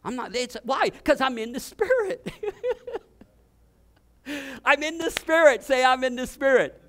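High, bright-voiced fervent male preacher. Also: lively intonation, a little slow. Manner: fervent, repeats words, stumbles and restarts. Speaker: pastor. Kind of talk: storytelling sermon.

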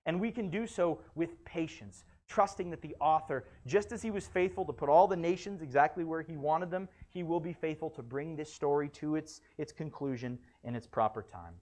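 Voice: medium pitch, moderate pace, hardly any pauses, darkish tone. A pastor preaching a sermon in a church, building emphasis through repeated phrases. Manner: stumbles and corrects with a laugh.

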